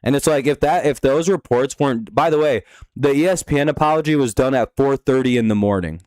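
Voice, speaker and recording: Casting: man, stream host, mid-pitched, cursing and rambling, dry close mic. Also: brisk, a little mellow, no room sound. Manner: profane, rambling, with many fillers and restarts. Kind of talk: casual live-stream commentary.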